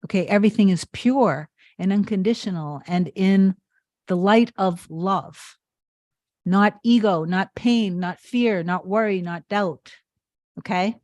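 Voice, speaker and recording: A woman's voice: mid-range voice, a little slow, darkish tone, dry recording. Emphatic woman coaching on a livestream. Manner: earnest, emphatic, repetitive, with restarts. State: tearful near the end. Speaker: manifestation coach hosting a live stream. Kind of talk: impassioned spiritual coaching on a livestream.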